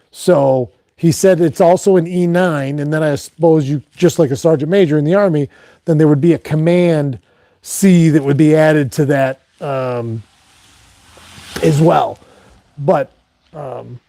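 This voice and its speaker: A man's voice: on the high side, warm tone, no room sound. A man, a fishing guide and host, chatting casually while he reads viewer comments, rambling along with many "um"s and restarts. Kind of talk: casual live chat reading viewer comments.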